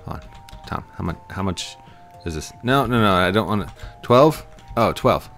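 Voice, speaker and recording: A man's voice: low-pitched, lively intonation, moderate pace, fairly bright tone, faint music behind. A man giving casual, playful commentary while playing a game, acting out little scenes and sound effects. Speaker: gaming YouTuber.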